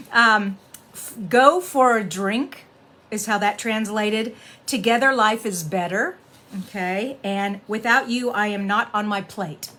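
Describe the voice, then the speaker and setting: A middle-aged woman hosting a casual card-making tutorial, chatting warmly and laughing as she reads sayings aloud. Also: medium pitch, slow pace.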